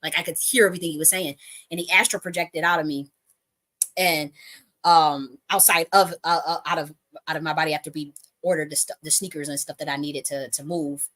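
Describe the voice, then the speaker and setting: A woman with a somewhat low-pitched voice, telling a personal story with lots of profanity. She keeps restarting and circling back mid-sentence, and breaks into laughter now and then. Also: fairly even intonation, fairly quick, sharp tone. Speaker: spiritual reader.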